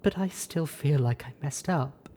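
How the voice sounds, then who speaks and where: A man voicing a fragile young female pegasus pony in an audiobook reading, soft, timid and crying. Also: a little high, measured pace, voice pushed up. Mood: tearful. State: crying, shaky.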